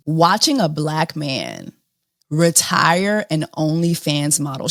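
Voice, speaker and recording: A woman hosting a podcast, talking through celebrity news in an animated, blunt, profane way. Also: deep voice, no echo, clean studio sound. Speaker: podcast host. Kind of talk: casual celebrity news chat.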